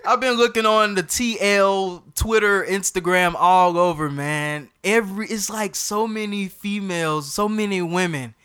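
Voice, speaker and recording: Male podcast host, fairly high, clear voice; loud, slangy, hyped casual talk. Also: unhurried, few pauses.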